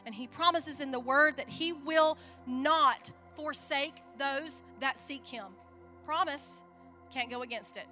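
A woman preaching a sermon in an animated way, acting out the voices she quotes. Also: high voice, slow pace, faint music behind. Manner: animated, acts out quoted voices, chuckles at herself.

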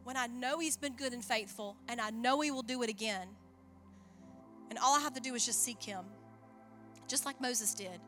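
A woman preaching a sermon in an animated way, acting out the voices she quotes. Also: a little high, normal speed, pauses often, faint music behind. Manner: animated, acts out quoted voices, chuckles at herself.

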